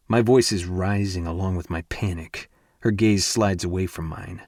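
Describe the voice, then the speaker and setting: Low-voiced young man narrating an audiobook. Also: moderate pace, darkish tone, dry recording, studio quality. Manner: intense, candid, profane. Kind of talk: first-person romance narration.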